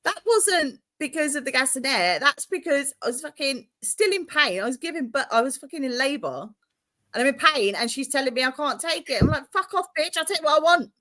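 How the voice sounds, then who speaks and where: A woman telling stories in a casual chat, blunt and animated, swearing heavily. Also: high voice, a little fast.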